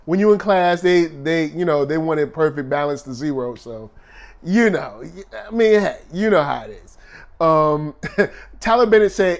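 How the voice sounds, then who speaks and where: A man co-hosting a casual relationship talk show with his wife, laid-back and quick to laugh, reading viewer comments aloud. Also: on the high side. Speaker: podcast co-host. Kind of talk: casual chat.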